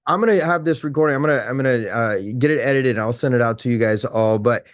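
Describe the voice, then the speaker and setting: A man's voice: mid-range voice, quick pace, no room sound. A man hosting a group video call, praising a speaker with enthusiasm. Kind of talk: casual group call chat.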